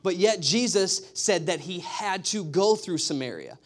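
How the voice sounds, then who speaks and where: A man preaching a sermon, telling stories with animated, emphatic repetition. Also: high voice, unhurried. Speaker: pastor.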